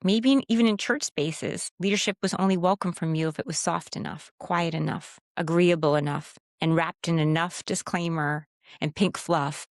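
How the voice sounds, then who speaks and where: Direct woman speaker, lowish voice. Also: no echo, clean studio sound. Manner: direct, emphatic, acts out timid phrasings in a raised voice. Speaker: Christian speaker and coach. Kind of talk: teaching monologue on speaking with authority.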